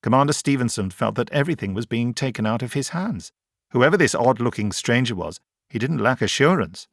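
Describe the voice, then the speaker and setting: A man reading an audiobook in scripted narration, measured and even. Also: medium pitch, dry recording, clean studio sound.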